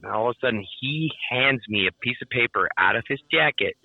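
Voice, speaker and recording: A man telling a story in casual chat, excitable and swearing constantly, with lots of "like.". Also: medium pitch, fast talker, gravelly, no echo, phone-quality sound.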